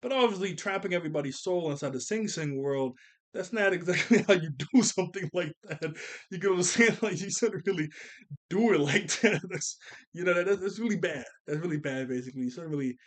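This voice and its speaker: A man's voice: high voice, a little fast. A man giving a casual, rambling anime film commentary, often laughing and losing his train of thought. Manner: rambling, laughs often, loose slangy delivery. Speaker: anime reviewer.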